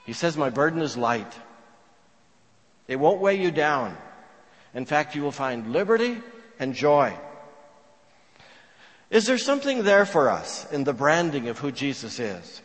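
A man preaching a sermon, telling stories earnestly and dropping to a hush for quoted prayers. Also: a little high, very animated, measured pace, long pauses. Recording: long reverb of a large hall.

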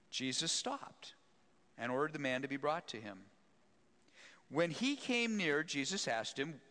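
A male preacher telling a Bible story with an animated, swooping delivery and a bright, forceful tone. His fairly high voice carries a long reverb, as if he is recorded in a large hall. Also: a little slow, long pauses. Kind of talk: sermon storytelling.

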